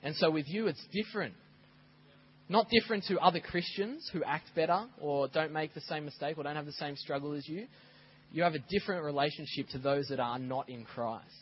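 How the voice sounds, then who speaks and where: A man preaching a sermon as a pastor, telling stories in a lively way and acting out scenes. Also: fairly high pitch, fairly quick, breathy edge, lo-fi sound. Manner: animated storytelling, acts out scenes. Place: church.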